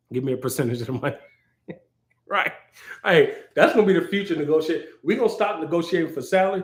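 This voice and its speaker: A man, a cloud architect, hosting a live Q&A in an animated, playful manner, acting out little scenes as he talks. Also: medium pitch. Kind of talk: casual livestream talk. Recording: roomy echo.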